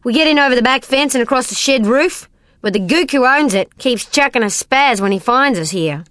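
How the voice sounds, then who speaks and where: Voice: sits high, expressive, fairly quick, a bit bright, no room sound, clean studio sound, voice pushed up. A woman reading an audiobook voices a brash street kid who talks in a slangy, raised voice. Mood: cocky.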